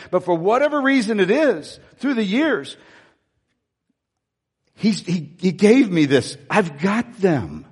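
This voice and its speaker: A man's voice: sits high, big-room sound. An older man preaching a sermon as pastor, emotional and confessional, often breaking off and restarting his sentences.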